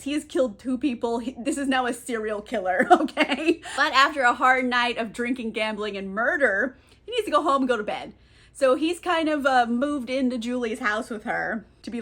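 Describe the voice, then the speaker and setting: A book reviewer with a fairly high, slightly bright voice gives a casual, sarcastic recap of a novel. She is chatty and mixes in curses and laughter as she goes.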